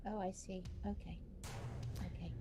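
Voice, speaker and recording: A woman's voice: medium pitch, fairly even intonation, moderate pace, warm tone, slight background noise, pitched below the performer's own voice, natural voice. A woman voicing a small, timid female adventurer who stammers and asks everything overly politely.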